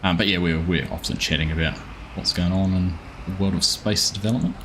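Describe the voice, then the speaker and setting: A man's voice: deep voice, steady tone, fairly quick, a bit bright, slight background noise. A man streaming a farming game live, chatting easily and greeting viewers by name with plenty of ums.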